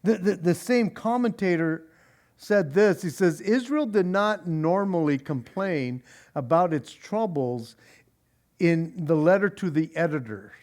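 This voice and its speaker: Man, pastor, high-pitched voice, animated Bible study teaching, repeats words, laughs often, church. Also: measured pace.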